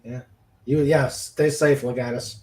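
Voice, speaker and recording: A man's voice: mid-range voice, steady tone, a little slow, a little mellow. A man hosting a casual live stream, reading chat messages aloud and chuckling along with guests. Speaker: stream host.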